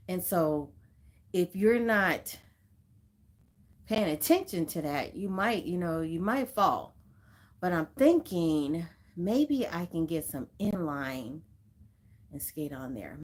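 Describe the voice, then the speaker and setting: A woman's voice: low voice, lively intonation, slow. A woman from Southern California hosting a casual livestream, chatting and greeting viewers by name with frequent laughs. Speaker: livestream host.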